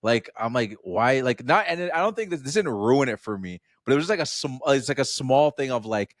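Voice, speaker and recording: A man co-hosting a casual film podcast, rambling and animated, often slipping into little acted-out quotes. His voice sits in a middle register. The sound is dry and close to the mic. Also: medium pitch, brisk, no echo. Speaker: podcast co-host. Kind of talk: casual film review chat.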